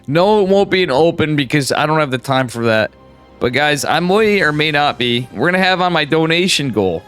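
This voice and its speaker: A man's voice: on the high side, animated, a little fast, fairly bright tone, clean tone, soft background music. A man streaming live game commentary, talking in a loose, profane, hyped-up way to his chat between plays. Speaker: esports caster.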